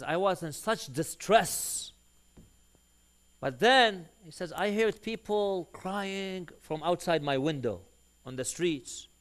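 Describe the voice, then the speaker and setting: A man preaching a sermon, telling a long story and acting out the dialogue of its people. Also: fairly high pitch. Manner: animated storyteller who acts out quoted dialogue.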